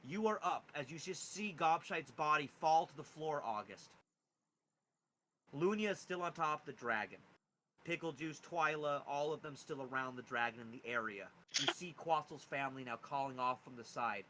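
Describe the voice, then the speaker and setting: A man narrating as game master of a tabletop game, animated and lively with frequent rising emphasis. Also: normal speed, a little hiss or hum, rough recording. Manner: animated, pitch jumping on key words.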